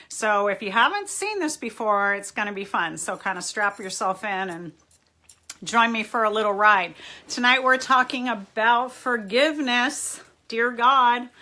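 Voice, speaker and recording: A bright, crisp-voiced woman from Southern California hosts a casual live-stream chat from a library room at home. She is upbeat and hyper, greets viewers by name and laughs often as she talks straight to the camera. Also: medium pitch. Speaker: therapist hosting a live chat.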